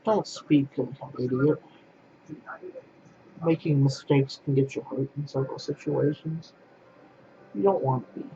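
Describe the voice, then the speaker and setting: A man's voice: medium pitch, highs cut off, noisy background. A man ranting casually to camera in a vlog, blunt and repetitive, often restarting his phrases. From Poland. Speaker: vlogger.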